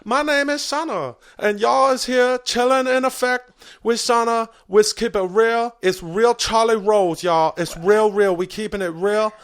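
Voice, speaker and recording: A man's voice: sits high, a little slow, clean tone, voice pushed down. A man voicing a brash, vulgar woman comedian who boasts, rambles and keeps cutting in during an improvised comedy bit. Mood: gushing. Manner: crude, rambling, constantly interrupting.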